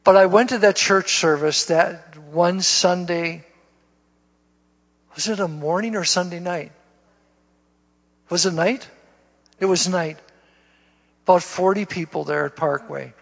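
A man's voice: high-pitched, a little slow, gravelly, pauses often. A man telling his conversion story in a sermon testimony, folksy and laughing at himself. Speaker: guest speaker giving testimony. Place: church. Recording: dull lo-fi church recording with long reverb.

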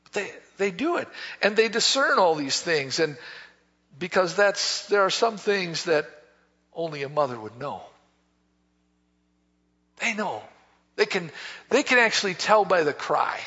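A man preaching a sermon, folksy and animated, acting out bits of dialogue as he tells stories. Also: high-pitched, unhurried, pauses often, slightly rough. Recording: dull echoey hall from a distance.

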